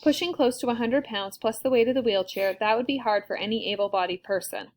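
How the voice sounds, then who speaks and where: A woman reading an audiobook, voicing a calm, thoughtful male teacher who speaks in a measured, deliberate way. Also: on the high side, close to an everyday voice.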